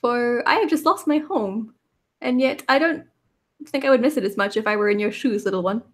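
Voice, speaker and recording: A woman's voice: on the high side, fairly quick, pitched above the performer's own voice, close to an everyday voice. A woman voicing a formal, courteous young wanderer from the misty woods. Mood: wondering.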